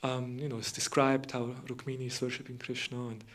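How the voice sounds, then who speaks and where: A man's voice: medium pitch, level tone, brisk. A man giving a devotional morning lecture, retelling scripture in a loose conversational way with frequent fillers and restarts.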